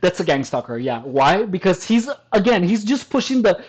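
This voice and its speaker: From home, a commentary vlogger tears into online comments with crude, casual remarks, scoffing and laughing often while restarting his sentences. His high voice is very animated, at normal speed with few pauses, on a rough recording.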